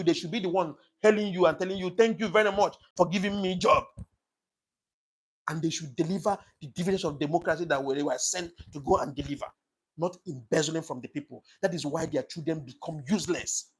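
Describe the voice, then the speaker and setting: A man's voice: fairly high pitch, husky. A man giving an impassioned, preachy political monologue, repeating his points for emphasis. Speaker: commentator on his own channel.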